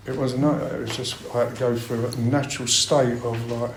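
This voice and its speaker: A man's voice: mid-range voice, level tone, moderate pace, hardly any pauses, slight background noise. A middle-aged man giving a blunt personal share at a recovery meeting, swearing a lot as he talks. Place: meeting room. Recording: roomy meeting-room echo.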